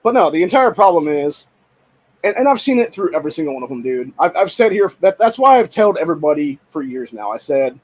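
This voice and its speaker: A young man from Ohio hosting a show, ranting angrily and profanely, often shouting. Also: on the high side, big pitch swings, fast talker, poor audio. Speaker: podcast host. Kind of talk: angry political rant.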